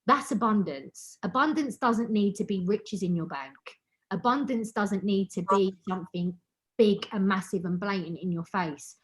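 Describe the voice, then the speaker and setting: A woman's voice: mid-range voice, normal speed. A woman hosting an online wellbeing meeting, giving a heartfelt, emotional motivational talk over a video call and repeating words for emphasis.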